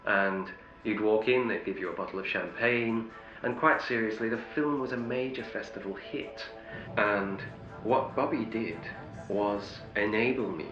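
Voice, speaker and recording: A man's voice: on the low side, unhurried, echoey room, lo-fi sound, over music. A middle-aged male actor telling wry anecdotes in an interview, often restarting his sentences. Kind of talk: interview storytelling.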